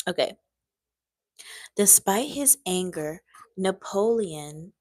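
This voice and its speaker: A woman's voice: fairly low pitch, measured pace, dry recording. A young woman reading a book aloud on a live stream, breaking off now and then to chat with viewers.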